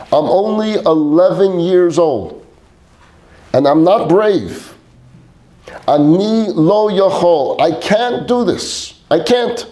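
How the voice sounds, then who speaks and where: A man acting out a terrified eleven-year-old boy who desperately begs his father to hold on. The pleading is raw and urgent, carried in a warm, mellow voice. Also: fairly high pitch, voice pushed up.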